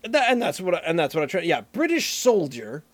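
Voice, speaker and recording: A man's voice: sits high, big pitch swings, normal speed, creaky, breathy edge, no room sound. A man co-hosting a casual talk podcast, who often restarts and trails off mid-sentence. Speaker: podcast co-host. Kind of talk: casual chat.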